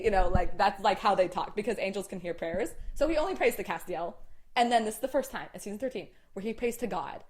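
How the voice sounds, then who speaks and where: A young woman hosting a casual chat, animated, swearing and packing her talk with "like". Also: medium pitch, quick pace. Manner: animated, swearing, many "like" fillers. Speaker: host.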